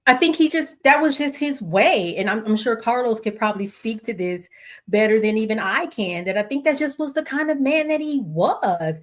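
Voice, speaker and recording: A woman's voice: expressive, normal speed. A woman hosting her own show, telling a heartfelt personal story in a casual, conversational way, acting out the quotes of others. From Los Angeles area. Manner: conversational, acts out quotes with pitch swings. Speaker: podcast host.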